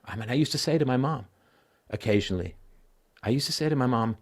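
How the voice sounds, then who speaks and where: A middle-aged man hosts a call-in show, telling his personal stories frankly and with profanity. His voice falls low and weary, then lifts loud and insistent. The intonation is lively, the speed normal, and the pauses long.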